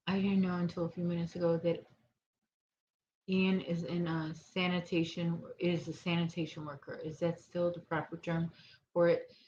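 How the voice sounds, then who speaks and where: Brief: woman, crochet-stream host, lowish voice, rambling and sleepy, roomy dull recording with faint hiss. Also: flat delivery, measured pace, darkish tone. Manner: rambling, chatty, loses her train of thought. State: sleepy, yawning. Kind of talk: casual chat with live viewers.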